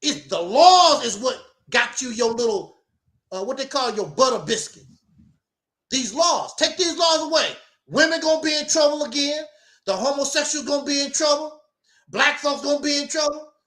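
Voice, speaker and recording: A man with a strikingly high, bright voice preaches emphatically through a talk-show monologue. He drops mocking asides as he builds his points. The sound is roomy and echoey. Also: animated, moderate pace. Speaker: host.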